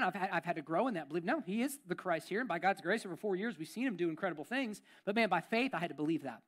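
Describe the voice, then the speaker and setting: A man preaching a sermon as a pastor, conversational and emphatic, repeating key phrases and sinking into a low, intense tone. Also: animated, rapid-fire, hardly any pauses, fairly bright tone.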